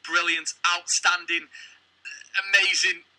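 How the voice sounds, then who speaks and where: A man's voice: high-pitched, little pitch movement, slow pace, sharp tone, poor audio. A man co-hosting a late-night local radio show, chatting and teasing in a tired, casual way. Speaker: radio co-host. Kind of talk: casual banter. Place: radio studio.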